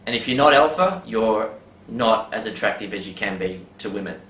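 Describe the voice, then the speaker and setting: A man's voice: on the low side, lively intonation, moderate pace, fairly bright tone. A man giving a casual advice monologue, rambling with many fillers and tag questions. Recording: roomy with faint background ambience.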